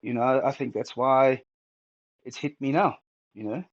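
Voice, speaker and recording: A middle-aged man speaking candidly as an interview guest, halting and emotional, close to tears and restarting his sentences often. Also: mid-range voice, dry recording, muffled recording.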